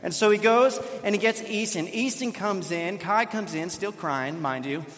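A man with a fairly high voice preaches to his church, keeping it chatty with frequent "right?" asides. His words ring out with a long hall reverb. It sounds like a sanctuary sermon. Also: moderate pace, a bit bright. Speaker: pastor.

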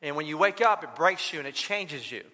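High, bright-voiced preacher in a reverberant hall. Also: male voice, lively intonation, a little fast. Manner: storytelling, emphatic, rising to high bursts. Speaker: pastor. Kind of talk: sermon.

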